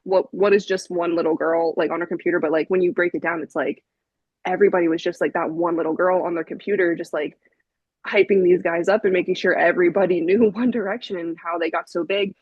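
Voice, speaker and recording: A woman in her twenties, a podcast guest, telling a story in a casual, animated way, laughing often and using lots of fillers. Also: lowish voice, fast talker, slightly rough, dry recording, dull audio. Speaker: podcast guest, vinyl collector.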